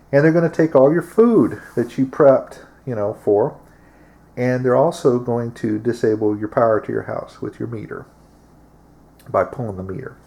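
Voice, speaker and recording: A man's voice: fairly low pitch, mellow. A man hosting his own show, talking casually in a plain-spoken, drawling way with frequent fillers. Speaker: host. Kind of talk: casual monologue to camera.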